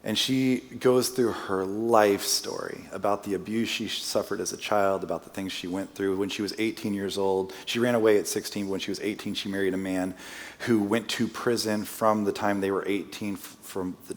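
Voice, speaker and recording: A man's voice: lowish voice, steady tone, normal speed. A man preaching as a guest speaker in a church, telling a personal story in a casual, self-deprecating way with joking asides. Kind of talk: conversational sermon storytelling. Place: church sanctuary. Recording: long church-hall reverb.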